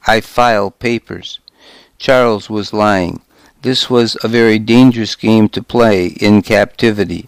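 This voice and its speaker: Slow, low-voiced male audiobook narrator. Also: fairly even intonation, clean tone, no echo. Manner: measured, wry first-person storytelling.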